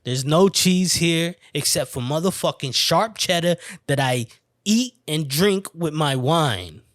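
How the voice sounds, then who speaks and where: A man's voice: fairly high pitch, lively intonation, measured pace, fairly bright tone, dry recording, studio quality. A man hosting his own podcast, rambling casually and swearing freely while a little tipsy from wine. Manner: rambling, profane, laid-back. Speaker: podcast host. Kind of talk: casual solo podcast rant.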